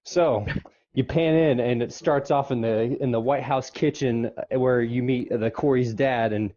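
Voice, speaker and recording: A man's voice: fairly even intonation, measured pace, warm tone, lo-fi sound. A man casually recapping an episode on a podcast, rambling along with fillers. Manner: rambling, with squeaky falsetto when quoting characters. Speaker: podcast co-host.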